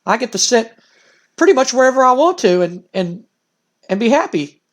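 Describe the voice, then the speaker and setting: A man doing a giddy, humble wrestler who stumbles over his words in an eager rush. The voice climbs well above his usual pitch and bounces along brightly. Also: sing-song, normal speed. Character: humble male wrestler, giddy about newfound fame.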